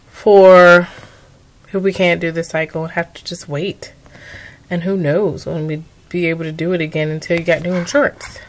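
Tired woman vlogging, low voice. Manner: weary, emotional, rambling. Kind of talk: personal video diary.

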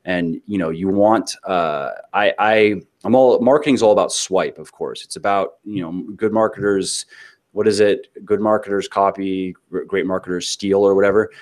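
A man's voice: sits low, steady tone, moderate pace. A man giving an interview about his business, talking casually with many restarts and filler words. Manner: rambling, frequent restarts and filler words, acts out quotes; casual, swears now and then. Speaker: interview guest, author and fitness business owner.

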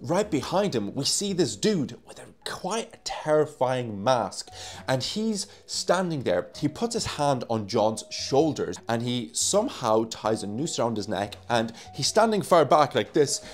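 A man's voice: medium pitch, big pitch swings, unhurried. A man reviewing a horror film in a casual vlog, chatty and loose, often saying "like" and swearing offhand, recorded on a phone mic. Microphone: phone used as microphone.

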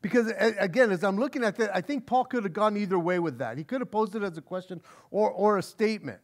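A male pastor preaching a verse-by-verse sermon in an earnest way, often stumbling over and restarting his words, and reading scripture aloud slowly. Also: high-pitched. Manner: earnest, frequent stammered restarts. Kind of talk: expository sermon.

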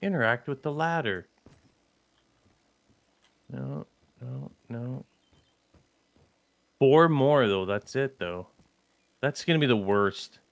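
A man's voice: mid-range voice, lively intonation, gravelly, no room sound. A man co-hosting a gaming channel, chatting casually during a zombie game and repeating short phrases. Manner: slow, laid-back, repeats short phrases. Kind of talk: casual gameplay chat.

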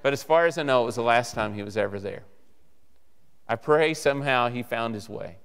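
A male guest preacher delivering a sermon, telling stories and acting out the dialogue with lively shifts. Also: medium pitch, brisk, clear, resonant tone. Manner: animated storyteller acting out dialogue. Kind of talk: sermon storytelling. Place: church sanctuary. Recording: church hall reverb.

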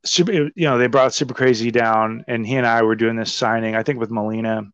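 A man guest telling a story in a casual, animated and profane way, full of "like". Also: medium pitch, brisk, clean tone, no room sound. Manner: animated, profane, heavy use of "like". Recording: slightly dull, dry sound.

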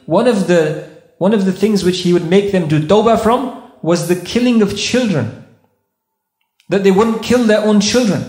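A preacher with a high-pitched voice addresses a mosque congregation. He patiently unpacks Arabic terms and repeats his points for weight. His voice rings through a reverberant hall. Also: a little mellow. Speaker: mosque speaker. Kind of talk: sermon.

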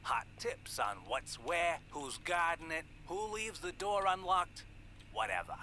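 A man's voice: fairly high pitch, big pitch swings, a little slow, pushed and bright, slight background noise, full character voice. A man voicing a streetwise male criminal partner in a video game, giving casual instructions in a laid-back, bossy way. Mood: instructing. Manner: laid-back, gives orders. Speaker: game character. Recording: game audio over background music.

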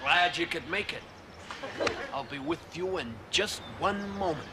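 A breezy crooner-golfer. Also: male voice, a little high, expressive. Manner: breezy, slow showbiz patter. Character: smooth crooner-style male golfer, easygoing showman. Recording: noisy old TV soundtrack.

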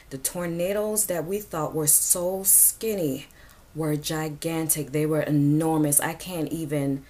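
Woman, low voice, earnest, emotional, repeats phrases, prophetic dream testimony.

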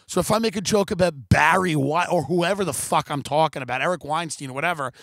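A man's voice: fairly high pitch, a bit bright, dry recording. A man hosting a comedy podcast, delivering a profane, rambling, sarcastic rant and mocking his critics in put-on voices. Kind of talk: ranting comedic monologue.

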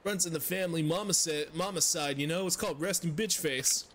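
A man's voice: fairly high pitch, lively intonation, moderate pace. A man voicing a brash, folksy male street informant in a mangled, vaguely European put-on accent. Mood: boastful. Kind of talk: reading game dialogue aloud in a put-on voice.

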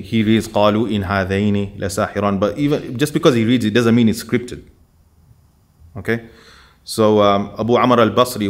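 Guy with a low voice lecturing students, careful and explanatory, keeps checking they're with him. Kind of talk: classroom lecture.

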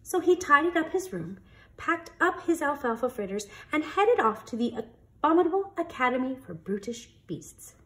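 A woman reading a picture book aloud with an expressive storytelling delivery. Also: high-pitched, moderate pace. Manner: expressive, animated read-aloud.

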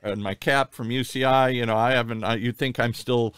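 A man's voice: medium pitch, fairly quick, clean tone, dry recording. Talkative older man, dry sound. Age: 60s. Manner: animated storyteller, rambling and candid. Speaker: podcast host. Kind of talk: conversational interview.

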